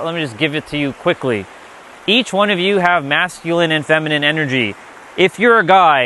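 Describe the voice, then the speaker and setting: A man's voice: on the high side, pushed and bright, slight background noise. A man giving an unscripted spiritual lesson, blunt and emphatic, often swearing. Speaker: spiritual teacher.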